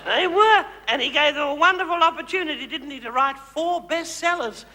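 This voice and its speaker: A man's voice: very high-pitched, a little fast, bright, forceful tone, full character voice. A man with an Australian accent playing a vain, glamorous female megastar who was once a housewife, teasing a theatre audience in a live comedy monologue. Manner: camp, teasing, gushing, calls audience darlings. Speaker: stage comedian. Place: large theatre stage before an audience. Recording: reverberant theatre hall, audience noise, VHS broadcast.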